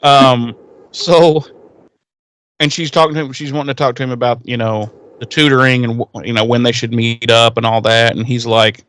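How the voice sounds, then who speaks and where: A man's voice: mid-range voice, steady tone, moderate pace, fairly bright tone, clean tone, no room sound. A man co-hosting a podcast, casually recapping an episode and acting out the characters' lines in a raised, swearing voice. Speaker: podcast co-host.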